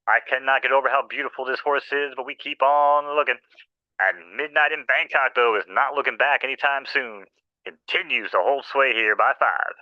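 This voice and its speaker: A man calling a horse race with playful, rhythmic, rapid commentary. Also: mid-range voice, dry recording, dull audio.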